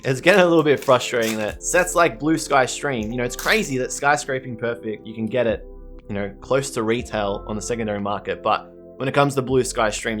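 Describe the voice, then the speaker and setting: Excitable man opening card packs. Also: medium pitch. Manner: gushing, excitable, repeats catchphrases. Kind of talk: pack-opening commentary.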